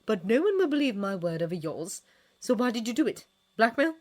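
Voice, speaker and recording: A woman's voice: fairly high pitch, big pitch swings, fairly quick, pitched above the performer's own voice. A woman reading a fanfiction story, voicing a fierce, defiant young woman who snaps back emphatically. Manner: sharp, snapping, emphatic.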